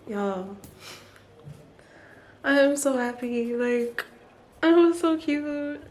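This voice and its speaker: A woman's voice: high-pitched, lively intonation, drawn-out words, long pauses, darkish tone, a little hiss or hum. A woman in her early twenties from Trinidad, chatting loosely with lots of fillers as she vlogs her holiday. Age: early 20s. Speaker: vlogger. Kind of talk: casual travel vlog. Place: holiday resort in Jamaica.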